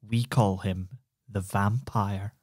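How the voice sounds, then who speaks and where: A man's voice: on the low side, steady tone, takes it slowly, a little mellow, no echo, studio quality. A man voicing a surly male innkeeper who growls and scoffs, in a bedtime storybook reading. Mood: scornful. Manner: growling, scornful.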